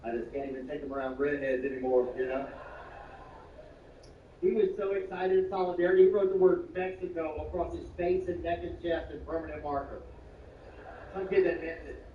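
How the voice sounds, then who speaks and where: A man telling a stand-up story with lots of energy. He swings from hushed asides to loud bursts and uses slang and swearing. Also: fairly high pitch, steady tone, fairly quick. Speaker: stand-up comedian. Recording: roomy, distant, muffled, with clear background noise.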